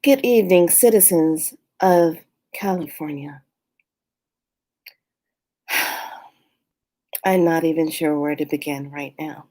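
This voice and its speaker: A woman playing a caring governor who speaks slowly and soothingly to her citizens. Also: deep voice, mellow, dry recording. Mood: reassuring. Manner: slow, soothing, reassuring.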